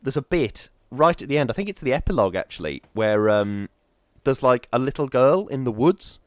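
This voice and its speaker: A man talking casually on a podcast, rambling through stories and slipping into playful voices. His voice is mid-pitched, and the close, dry mic gives no room sound. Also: normal speed, dry recording. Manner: rambling, animated storytelling with playful put-on voices. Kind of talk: casual chat.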